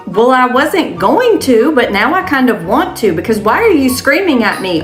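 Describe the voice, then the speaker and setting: Sarcastic deadpan woman server. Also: sits high, normal speed, hardly any pauses. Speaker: restaurant server narrator. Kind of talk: comedic storytelling. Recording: roomy echo with music.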